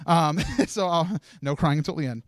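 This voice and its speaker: Nervous rambling man, high voice. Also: animated, moderate pace, dry recording. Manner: nervous, rambling, laughs often. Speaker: host handing out awards. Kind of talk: emotional live event speech. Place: live stream event room.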